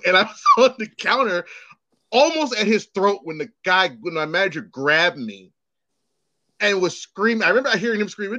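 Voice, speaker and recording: The voice is high-pitched and fairly quick, recorded muffled and without echo. It belongs to a middle-aged podcast host telling stories in casual conversation, animated, swearing freely, and voicing the people he quotes.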